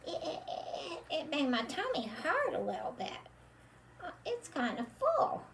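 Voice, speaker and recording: A woman's voice: very high-pitched, very animated, very slow, a crowd in the background, voice pushed up, exaggerated voice. A woman voicing a silly little old lady puppet who complains about her full tummy in a whiny, giggly way. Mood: giggly, queasy.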